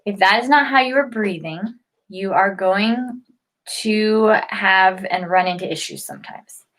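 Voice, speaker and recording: A woman of medium pitch, speaking a little slowly in a fairly bright tone, gives a casual to-camera health talk over poor audio. Her chatty explanation is peppered with "um," stumbles and restarts, and she yawns again and again.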